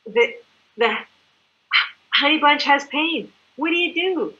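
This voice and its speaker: A woman's voice: sits high, takes it slowly, lo-fi sound. A woman giving an enthusiastic, chatty sales presentation and acting out examples as she goes. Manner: animated, chatty, acts out examples. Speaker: product distributor presenter. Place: living in Mexico.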